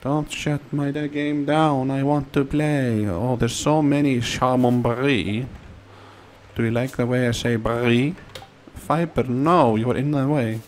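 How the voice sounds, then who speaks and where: A man's voice: medium pitch, fairly even intonation, a little slow, a little hiss or hum. A man giving casual, rambling commentary while he plays a game, playful and given to sing-song repeats. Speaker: let's play gamer.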